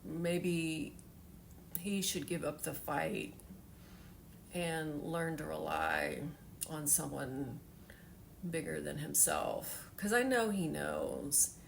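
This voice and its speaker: Woman in her forties, vlog storytelling, unhurried, slightly low voice, heartfelt and teary, rambling with fillers. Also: very animated, gravelly, slight background noise. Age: 40s. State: tearful, emotional.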